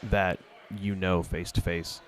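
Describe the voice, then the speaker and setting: Laid-back color man, deep voice, chatty and casual. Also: a little slow, slight background noise. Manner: relaxed, chatty, lots of "you know" and "like". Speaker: color commentator. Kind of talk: casual game commentary.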